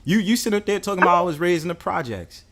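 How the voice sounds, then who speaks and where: A man's voice: high-pitched, expressive, quick pace, a bit bright. A man with a New York accent hosting a casual livestream, talking streetwise slang in an insistent, repetitive way. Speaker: livestream host.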